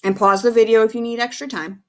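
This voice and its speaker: A woman's voice: on the high side, steady tone, quick pace. A woman teacher giving a recorded phonics lesson to young children, patient and encouraging, spelling words out letter by letter.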